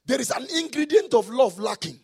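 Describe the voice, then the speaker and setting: A man from Nigeria preaching a sermon as pastor, with a raspy voice, often shouting or singing out his phrases. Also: extremely high pitch, expressive, a little fast.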